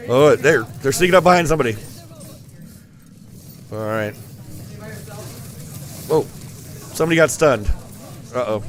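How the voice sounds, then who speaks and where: A man's voice: mid-range voice, expressive, measured pace, long pauses, faint music behind. A man giving rambling, playful live commentary on a school esports match. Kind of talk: joking live game commentary.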